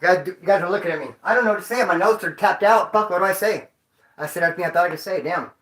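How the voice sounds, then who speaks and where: A man tells stories to his viewers in a rambling way, heavy with street slang and profanity. His voice is bright and forceful. The room around him is echoey. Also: high-pitched, rapid-fire. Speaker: vlogger. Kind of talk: casual storytelling to viewers.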